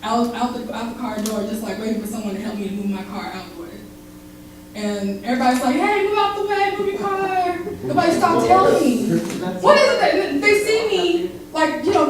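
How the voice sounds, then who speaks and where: Young woman, spoken word poet, high voice, echoey room, far from the mic. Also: a little hiss or hum. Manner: rhythmic, dramatic pauses. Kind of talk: spoken word poetry performance. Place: barber shop event with live audience.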